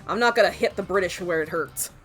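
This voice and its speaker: A woman's voice: lowish voice, fairly quick, a bit bright. A woman streaming a video game, chatting playfully and joking about the characters. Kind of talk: casual gaming commentary.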